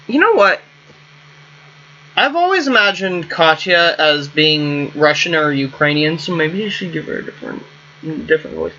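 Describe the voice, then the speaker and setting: A man with a bright, fairly high voice musing aloud to himself while he plays a game, often trailing off mid-thought. The recording is a little muffled, with a faint hiss underneath. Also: animated, normal speed. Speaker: gameplay host. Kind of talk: casual thinking aloud while playing.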